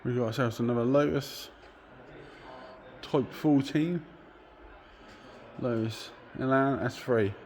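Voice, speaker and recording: Man, middle pitch, casual museum walk-through, gushing, excitable, swears when amazed, handheld camera mic. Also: slow, long pauses. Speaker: car vlogger. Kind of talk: casual walking tour commentary. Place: indoor car museum, busy hall.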